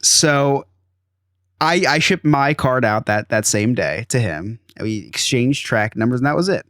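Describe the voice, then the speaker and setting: A man's voice: medium pitch, expressive, measured pace, a bit bright, no room sound, clean studio sound. A man in his thirties hosting a podcast, telling an exasperated story in casual chat and acting out quotes. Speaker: podcast host.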